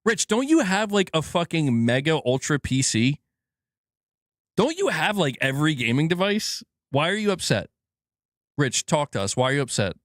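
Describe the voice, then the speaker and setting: A man's voice: fairly high pitch, sing-song, moderate pace, no room sound, studio quality. A man streaming casually, joking around, swearing freely and laughing at his own jokes. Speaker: gaming news streamer. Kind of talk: casual live-stream chat.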